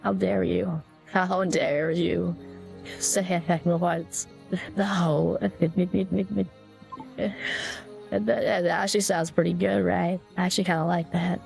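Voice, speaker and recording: A man's voice: sits high, little pitch movement, takes it slowly, gravelly, a little mellow, soft background music, pitched above the performer's own voice, exaggerated voice. A man speaking through an AI voice changer that makes him sound like a nerdy anime female scientist. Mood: teasing. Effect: AI voice changer turning him female.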